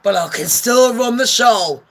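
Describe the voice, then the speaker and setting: A woman's voice: on the high side, animated, a little slow. Woman doing a foul-mouthed ninety-something queen. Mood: smug. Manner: brash, swearing, mocking. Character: crude, cheeky elderly queen in her nineties.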